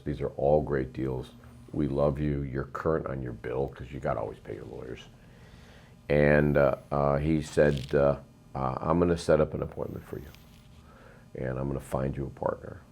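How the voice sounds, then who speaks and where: Middle-aged man, very low voice, emphatic rambling storyteller. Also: fairly even intonation, normal speed, vocal fry, a little mellow. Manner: rambling, emphatic, frequent ums and uhs. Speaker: real estate investor, guest. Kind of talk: storytelling interview.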